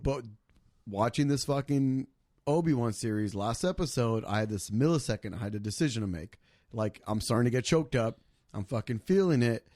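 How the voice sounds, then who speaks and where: A man's voice: mid-range voice, expressive, normal speed, mellow, dry recording, studio quality. Rambling, foul-mouthed male podcast host. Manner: rambling, heavy swearing, many fillers and restarts. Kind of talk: casual chat over drinks.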